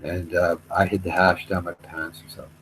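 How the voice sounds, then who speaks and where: A man's voice: sits low, level tone, fairly quick, a bit bright, a little hiss or hum, poor audio. A middle-aged man telling a story in casual chat, rambling, repeating himself, trailing off.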